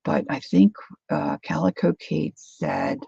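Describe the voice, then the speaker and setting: A woman's voice: low voice, fairly even intonation, slow pace, creaky, dark tone, slightly rough, no echo, highs cut off. A woman hosting a craft livestream, rambling chattily through a demo and answering viewer comments.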